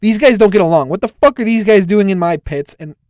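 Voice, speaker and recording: A man's voice: sits high, lively intonation, brisk, a little mellow, dry recording, studio quality, voice pushed up. A man voicing a crude, baffled male gladiator who swears in disbelief.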